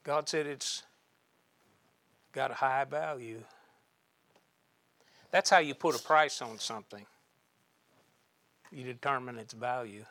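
A man preaching a sermon, swinging from loud emphatic bursts down to quiet, measured lines. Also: mid-range voice.

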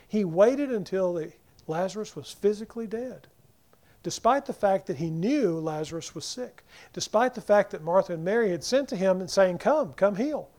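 A male preacher with a high voice and a soft, mellow tone. He swings from loud emphasis down to near-whispers and acts out the people in the passages in quick voices. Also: lively intonation. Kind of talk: sermon.

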